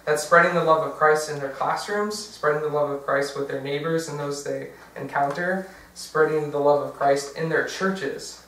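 A man's voice: fairly high pitch, moderate pace, fairly bright tone. A young man giving a casual workshop talk, chatty, with fillers and self-corrections. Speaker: diocesan workshop presenter. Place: large church hall. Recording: very echoey, from far off.

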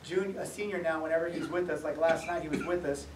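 A middle-aged man giving an author talk at a museum, speaking conversationally with gentle humor and some restarts. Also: fairly high pitch, fairly even intonation, fast talker, a little hiss or hum. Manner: conversational, self-deprecating humor, frequent restarts. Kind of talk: public talk with slides. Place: museum event room. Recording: echoey room, mic at a distance.

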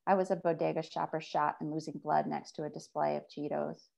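A woman author reading her own fiction aloud in a measured first-person voice. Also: low-pitched, flat delivery, gravelly, a little mellow.

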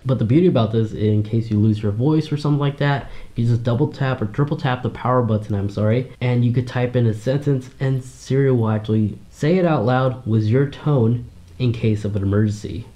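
Mellow-voiced man giving tech tips. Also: mid-range voice. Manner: casual, chatty explaining. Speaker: tech YouTuber.

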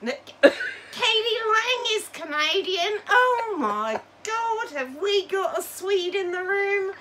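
A woman's voice: very high voice, sing-song, slow pace, a crowd in the background. A woman telling a funny story in casual chat, playful and teasing, laughing as she goes.

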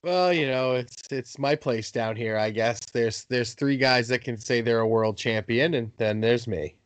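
A man's voice: mid-range voice, measured pace, slight background noise. A man co-hosting a podcast over a video call, making dry wisecracks in casual chat. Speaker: podcast co-host.

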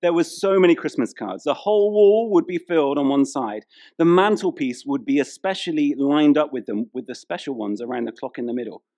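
A man's voice: on the high side, a little fast, mellow. A man, preaching a humorous, chatty sermon in a church. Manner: humorous storytelling, chatty, playful with the congregation. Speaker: pastor.

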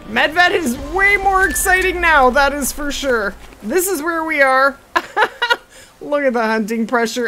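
A woman narrates her hunting game session with a bright, keen voice that sits a little high. She explains things steadily but gets excitable and squeals when the action turns tense. Soft game music plays faintly under her. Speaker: gaming YouTuber. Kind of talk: game commentary.

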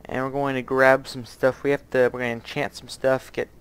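Smooth-voiced man with a light Southern drawl. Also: medium pitch, little pitch movement, fairly quick. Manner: rambling, thinks aloud and mutters to himself. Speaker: gaming channel host. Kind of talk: casual gameplay commentary.

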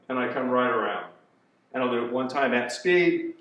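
A man working as a fitness trainer, calmly cueing a kettlebell routine step by step. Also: mid-range voice. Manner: cueing movements step by step, slow and deliberate. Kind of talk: instructional exercise demonstration. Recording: echoey room, voice from far off.

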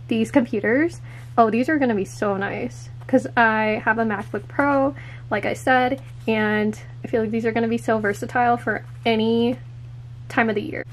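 A young woman chatting casually as she unpacks planner stickers, gushing and excitable, sometimes dropping to a soft whisper. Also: on the high side, slight background noise, low-quality recording. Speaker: planner vlogger. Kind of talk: casual unboxing chat.

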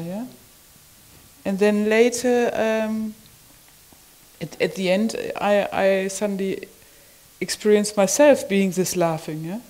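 A woman recalling a personal experience in conversation, halting and marvelling, often ending phrases with a questioning "yeah?". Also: mid-range voice, a little mellow, rough recording. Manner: wondering, marvelling delivery. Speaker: community member sharing an experience.

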